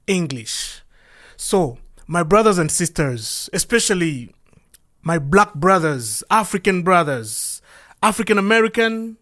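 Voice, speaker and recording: A man's voice: high voice, a bit bright. A man from the Democratic Republic of the Congo with a Congolese accent, hosting a podcast in an earnest, rambling monologue that asks itself questions. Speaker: podcast host. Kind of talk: casual monologue.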